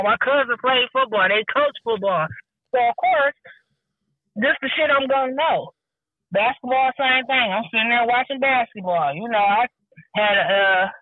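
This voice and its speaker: A woman chats casually and tells stories with energy, acting out the people in them. Her voice sits high and comes through a narrow, phone-like line. The sound is dry, with no room around it. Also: no room sound. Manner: animated storytelling, acting out quotes. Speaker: podcast guest. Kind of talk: casual chat.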